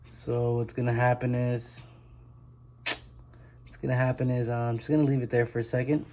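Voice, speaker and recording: Male vlogger, average pitch, loose and chatty, self-correcting, phone mic indoors with faint ambient noise. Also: a little mellow. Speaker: vlogger and reptile keeper. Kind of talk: casual walkthrough vlog. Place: indoor room with reptile tanks. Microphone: handheld phone.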